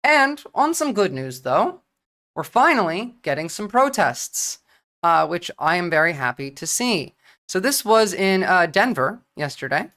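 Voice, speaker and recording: This New Jersey woman's fairly low voice has a sing-song, slightly bright quality as she livestreams casual political commentary. She's blunt and profane, rattling off fast bursts and frequently restarting.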